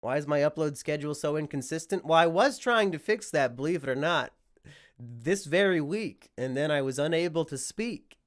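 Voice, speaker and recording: Man, fairly high voice, sick and rough-sounding, casual stream banter, crude and rambling. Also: animated, normal speed. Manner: crude, rambling, swears freely. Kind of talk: casual livestream chat.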